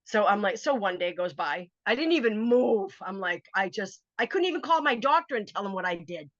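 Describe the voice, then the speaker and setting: A woman tells her story in a relaxed interview voice, acting out the other people in it and jumping high in pitch for their lines. The recording is dry and a little dull. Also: brisk, no echo. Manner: animated, acts out quoted voices. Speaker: author telling her story.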